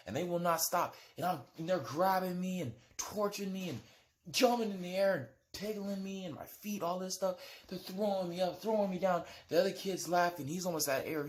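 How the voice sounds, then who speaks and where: A man casually retelling a dream in a rambling, animated way, with lots of "like" and "right?". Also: high voice, slight background noise. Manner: animated storytelling. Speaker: vlogger.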